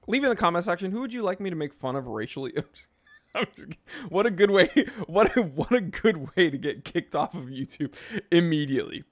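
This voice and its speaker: A man's voice: fairly high pitch, lively intonation, brisk. Irreverent, joking male streamer. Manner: irreverent, joking, loose and rambling. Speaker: live streamer. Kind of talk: casual live-stream chat reading comments.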